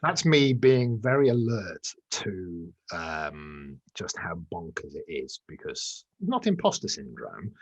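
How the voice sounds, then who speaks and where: Very deep husky man. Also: wildly swooping pitch, slow, hardly any pauses, dry recording, highs cut off. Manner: self-deprecating, jokey, rambling with restarts. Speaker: guest, executive coach. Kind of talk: conversational interview. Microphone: remote call.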